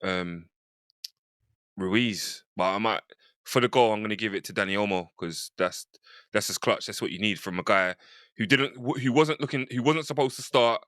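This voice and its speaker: Enthusiastic man with a bright voice. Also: lowish voice, moderate pace, no room sound, clean studio sound. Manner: enthusiastic, rambling with restarts. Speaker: podcast panelist. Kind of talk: casual football chat.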